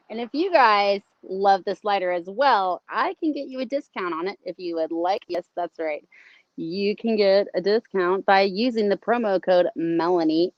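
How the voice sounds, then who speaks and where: A woman's voice: mid-range voice, no echo, lo-fi sound. Bubbly Southern woman chatting on a livestream. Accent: Southern American. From American South. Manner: bubbly, chatty, talks to viewers and reads comments aloud. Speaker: livestream host. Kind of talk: casual livestream chat.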